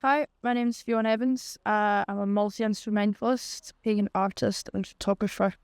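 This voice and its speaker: A woman's voice: mid-range voice, fairly even intonation, normal speed, a little mellow, dry recording. A woman, a musician and photographer, chatting in a documentary interview with loose filler words.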